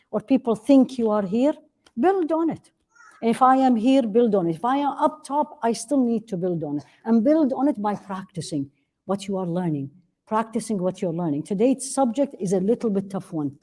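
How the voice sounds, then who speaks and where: Warm-voiced woman teaching a religious class. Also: mid-range voice. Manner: earnest, asks rhetorical questions and answers them; repeats key phrases for emphasis. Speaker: Islamic teacher. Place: classroom with a live audience.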